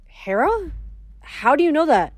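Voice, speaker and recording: A fierce young huntress, commanding and protective, with a brisk, urgent way of speaking, as a woman reading a storybook aloud puts her on. The voice sits fairly high, and faint music plays underneath. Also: very animated, no echo.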